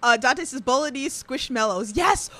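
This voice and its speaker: A woman's voice: high voice, lively intonation, normal speed, bright, forceful tone. A woman hosting a casual podcast chat, laughing to tears and reading chat comments aloud. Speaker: podcast host.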